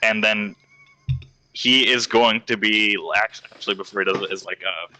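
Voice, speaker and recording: A man with a very deep voice plays in a tabletop game. His tone is sharp and tense. He talks haltingly and fills his speech with fillers. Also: steady tone, poor audio. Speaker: player.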